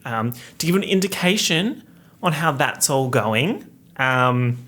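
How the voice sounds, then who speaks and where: A young man hosting a casual solo podcast, joking in a campy, sarcastic way with big swings in pitch, speaking into a studio microphone. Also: expressive, slow pace, pushed and bright. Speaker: podcast host.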